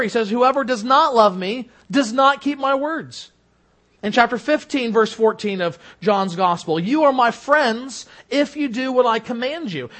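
A man preaching a sermon in an earnest way, rising for emphasis and dropping to soft, low endings. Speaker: pastor.

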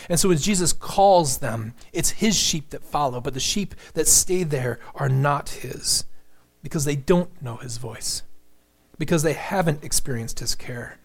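A man preaching a sermon, reading scripture aloud and pressing his points with rising emphasis, sometimes dropping almost to a whisper. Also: measured pace. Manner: earnest preaching, rises in pitch and force for emphasis, drops to a near whisper. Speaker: pastor.

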